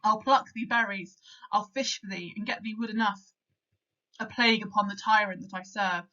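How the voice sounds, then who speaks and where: A woman's voice: medium pitch, fairly even intonation, moderate pace, pushed and bright, muffled recording, close to an everyday voice. A woman reading as Caliban, awestruck island monster. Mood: eager. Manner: plain reading aloud of verse.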